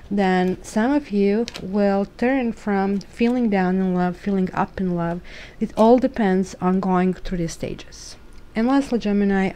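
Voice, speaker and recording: A woman's voice: medium pitch, dark tone, slight background noise. An enthusiastic woman reading tarot cards for her viewers, who turns to cooing at her cat. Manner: enthusiastic, gushing. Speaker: tarot reader.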